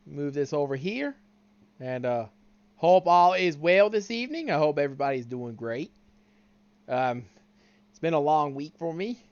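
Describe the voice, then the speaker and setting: A man's voice: a little high, expressive, unhurried, pauses often, no echo, highs cut off. A man hosting his live stream, chatting casually and setting up. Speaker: streamer host.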